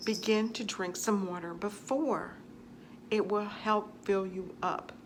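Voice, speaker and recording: A woman's voice: medium pitch, fairly even intonation, takes it slowly, slight background noise. A woman vlogger answering viewer questions in a chatty, earnest way, often repeating phrases for emphasis. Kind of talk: casual advice talk to camera.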